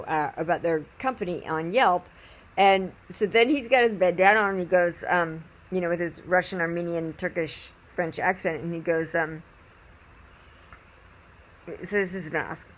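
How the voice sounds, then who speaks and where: A woman telling a personal story in an animated, chatty way with frequent laughter. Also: fairly low pitch, normal speed. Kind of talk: casual storytelling monologue.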